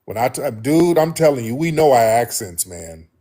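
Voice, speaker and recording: An American man hosts a casual commentary for his viewers, talking straight to them. He is emphatic and repeats himself, keeps calling the audience family, and his voice swings up high in pitch. His voice sits at a middle pitch for a man. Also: very animated, moderate pace, warm tone. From United States. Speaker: host.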